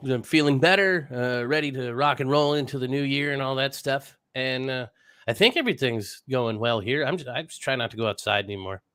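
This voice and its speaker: Laid-back podcast co-host. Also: male voice, mid-range voice, fairly quick, a bit bright, clear, resonant tone, no echo, clean studio sound. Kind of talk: casual podcast chat.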